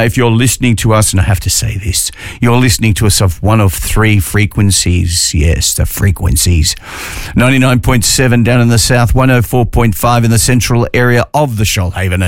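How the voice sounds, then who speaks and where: An Australian man hosts a talk radio show, chatting easily and cracking corny jokes. His voice sits low, and the studio sound is dry and close. He rambles through the segment in a relaxed, friendly way. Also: dry recording. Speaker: radio host. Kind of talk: casual talk radio chat.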